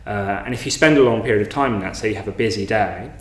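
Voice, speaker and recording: A man's voice: on the low side, quick pace, roomy sound. A man giving an informal meditation talk, hesitant, with many fillers and restarts. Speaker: meditation teacher. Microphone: online class, home recording.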